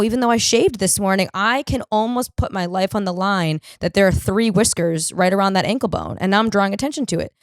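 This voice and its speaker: A woman's voice: a little high, no room sound, clean studio sound. A young woman hosting a comedic solo podcast, telling self-mocking stories in a blunt, profane way. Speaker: podcast host.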